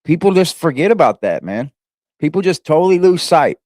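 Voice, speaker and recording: A man's voice: fairly high pitch, big pitch swings, brisk, darkish tone, no echo, studio quality. A man hosting a reaction livestream, talking casually in a rambling, repetitive and emphatic way, with some swearing.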